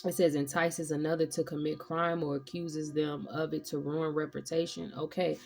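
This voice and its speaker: A woman's voice: low voice, little pitch movement, normal speed, creaky, faint music behind. A woman giving a casual tarot reading, rambling and profane with streetwise slang. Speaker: tarot reader.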